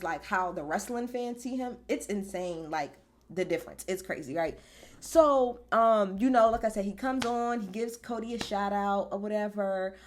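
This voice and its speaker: A woman reviewing a wrestling show in a casual, emphatic vlog, swearing freely and talking animatedly. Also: mid-range voice.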